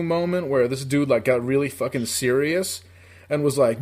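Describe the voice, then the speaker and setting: Co-hosting a podcast, a thirty-something man from upstate New York works through a long story with casual profanity, rambling, and frequent laughter. He speaks at a normal speed in a fairly high, a little mellow voice with fairly even intonation.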